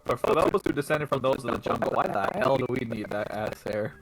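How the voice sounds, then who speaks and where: A man's voice: mid-range voice, a little fast, soft background music, rough recording. A young man chatting easygoingly with friends during a game stream, joking and swearing mildly. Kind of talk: casual gaming chat. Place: online voice chat.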